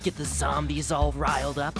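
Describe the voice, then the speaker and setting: An actor playing a vain young photographer villain in a video game, who mocks and gloats with cackling laughter. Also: male voice, fairly high pitch, flat delivery, normal speed, vocal fry, over loud music. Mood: gloating.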